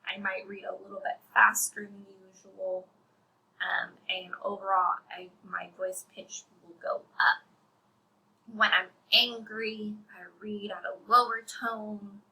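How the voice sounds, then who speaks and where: A young woman teaching children a reading lesson, friendly and breathy, often near a whisper as she demonstrates different reading voices. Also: mid-range voice, unhurried, bright, forceful tone, rough recording.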